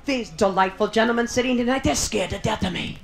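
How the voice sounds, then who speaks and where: A woman's voice: on the high side, fairly quick, gravelly. A woman doing bawdy live stand-up comedy in a Las Vegas showroom, teasing the audience with brassy banter. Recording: roomy live club recording, loud crowd.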